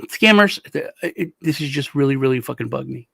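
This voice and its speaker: Gravelly, ranting man. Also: mid-range voice, a little fast, dry recording, studio quality. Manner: animated, profane ranting storyteller. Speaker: crypto show host. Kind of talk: casual chat.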